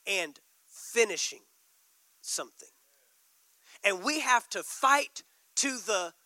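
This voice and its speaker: A man delivers a sermon in a strikingly bright, piercing voice that sits high. He preaches emphatically, drawing out key words for stress. The sound is close and dry. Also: dry recording, rough recording. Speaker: pastor.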